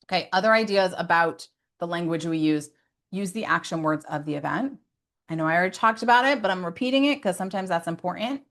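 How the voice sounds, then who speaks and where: A woman's voice: lowish voice, fast, fairly bright tone. Earnest woman giving parenting advice. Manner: earnest, conversational, many "like" and "right?" asides. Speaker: behavior specialist.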